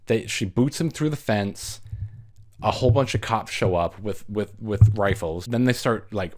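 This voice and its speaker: A man casually recapping a horror movie, animated, acting out the characters and laughing as he goes. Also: fairly low pitch, moderate pace. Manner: animated retelling, acts out characters, laughs often. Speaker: movie reviewer.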